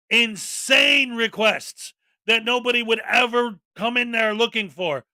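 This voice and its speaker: A male show host giving casual, scornful commentary on a video, rising to shouts as he rants. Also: high voice, clear, resonant tone, no echo.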